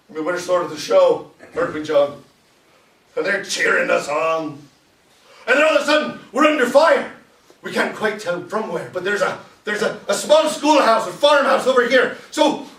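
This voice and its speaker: A man's voice: high-pitched, exaggerated voice. A man playing a proud Civil War captain. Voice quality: animated storyteller, breaks into shouted quotes. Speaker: actor in a one-man stage play. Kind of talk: theatrical monologue. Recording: roomy, distant stage recording.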